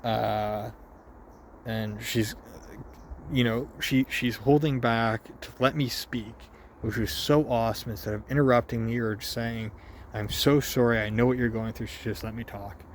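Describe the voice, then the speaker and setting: A man talking slowly and haltingly through an emotional personal story in a spoken video journal, often restarting his sentences. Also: medium pitch, steady tone, a little hiss or hum. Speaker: vlogger. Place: outdoors with his dog.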